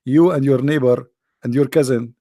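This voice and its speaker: Hoarse gravelly man chatting on a livestream. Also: mid-range voice, steady tone, normal speed, mellow, no echo, studio quality. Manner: teasing, laughs often, answers viewer questions. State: hoarse, voice strained and coughing. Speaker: livestream host answering chat. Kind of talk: casual livestream chat. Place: at home behind a computer.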